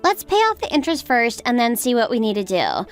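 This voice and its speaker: A woman's voice: a little high, sing-song, brisk. A woman playing a worn-down young wife who talks in an anxious, pleading way. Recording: faint background music.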